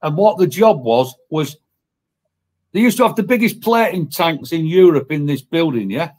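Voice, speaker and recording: A man's voice: a little high, lively intonation, moderate pace, darkish tone. A man telling blunt workplace stories with heavy swearing as a guest in casual talk. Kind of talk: casual storytelling.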